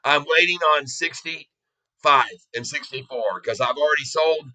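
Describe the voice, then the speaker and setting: A man hosting a casual livestream, commenting on his trades with excitable bursts of cheering. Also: a little high, unhurried, low-quality recording.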